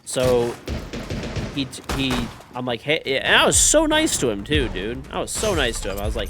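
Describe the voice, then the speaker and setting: A man's voice: fairly low pitch, moderate pace, noisy background. A man in his thirties streaming a game, chatting casually and telling stories with lots of swearing. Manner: animated storyteller, swears a lot. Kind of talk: casual chat while gaming.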